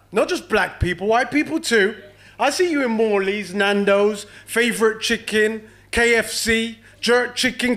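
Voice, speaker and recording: A man's voice: very high-pitched, fairly bright tone, slight background noise. A man doing a brash, profane stand-up set and teasing the crowd in a comedy club.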